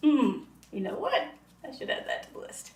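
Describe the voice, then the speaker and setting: A woman's voice: fairly high pitch, huge pitch swings, normal speed, darkish tone, distant mic, slight background noise. A woman casually chatting while cooking on a live stream, playful and sing-song, often meowing to herself. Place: home kitchen. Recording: echoey room, voice from afar.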